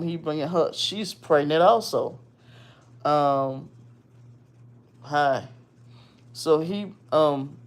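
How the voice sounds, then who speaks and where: A woman recounts a story from her own life in a loose, conversational way. She is blunt and swears freely. She keeps the telling animated throughout. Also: sits low. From Virginia. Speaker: host telling a personal story. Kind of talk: casual storytelling.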